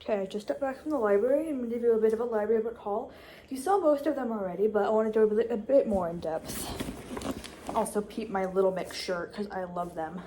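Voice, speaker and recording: A young woman, a college student, talking casually in a vlog from her dorm room, chatty with restarts and quick asides. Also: medium pitch. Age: young adult.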